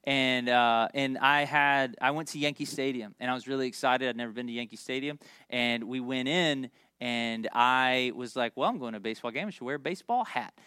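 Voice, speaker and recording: A pastor from Memphis preaching a conversational sermon, joking and talking straight to the congregation. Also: male voice, mid-range voice, brisk, sharp tone, smooth, no echo, clean studio sound. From Memphis, United States. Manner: conversational and joking, with asides to the crowd.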